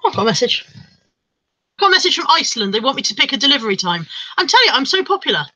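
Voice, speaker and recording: A woman's voice: sits high, very animated, very fast, bright, forceful tone, low-quality recording. A woman chatting casually on a livestream, reading out viewers' comments and joking around. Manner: chatty, jokey, laughs often. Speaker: livestream host.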